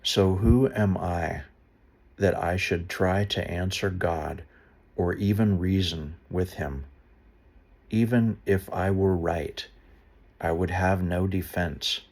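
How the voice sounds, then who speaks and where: A man reading a Bible passage aloud slowly and deliberately, stopping now and then to explain the footnotes. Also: low-pitched, fairly even intonation, a little mellow. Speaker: Bible reader. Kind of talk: unscripted Bible reading with asides.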